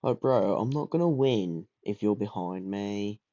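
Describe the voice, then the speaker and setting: A young man talks over his racing game in a low, mellow voice, slow and unhurried even as he trash-talks. The sound is dry and a little dull, like a cheap close mic. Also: no room sound. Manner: excitable, swearing, trash-talking. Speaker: gaming video creator. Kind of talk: casual gameplay commentary.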